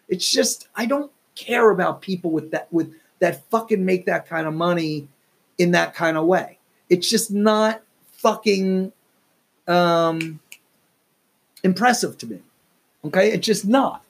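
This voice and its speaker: A man's voice: sits high, measured pace, vocal fry, husky. A man hosting a solo podcast, ranting in a profane, exasperated, rambling way. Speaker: podcast host.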